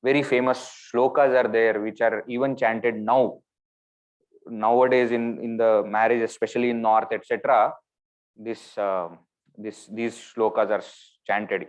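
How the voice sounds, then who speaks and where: A man with an Indian English accent giving a storytelling scripture discourse as a spiritual teacher, acting out the characters' words with sudden jumps in pitch. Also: level tone, a little slow. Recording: dull lo-fi recording.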